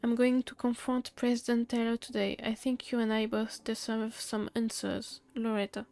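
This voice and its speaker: Woman, streamer, reading game dialogue aloud, flat delivery, dry close sound. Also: on the high side, moderate pace, no room sound.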